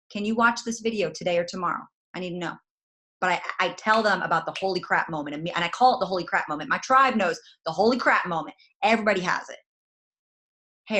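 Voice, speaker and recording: Woman, folksy, direct, animated motivational talk. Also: mid-range voice. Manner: folksy, direct, animated, says "y'all" a lot. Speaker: guest network marketing leader.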